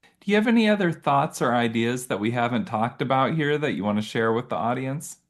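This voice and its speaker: A man's voice: mid-range voice, lively intonation, fairly quick. A man hosting a parenting podcast interview, upbeat and affirming with his guest. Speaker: podcast host.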